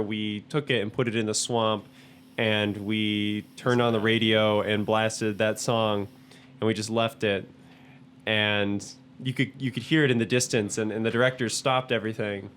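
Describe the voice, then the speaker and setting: A man's voice: on the low side, a bit bright. A young man, a podcast co-host, telling a long story in casual chat, with many restarts and laughs. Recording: faint background noise.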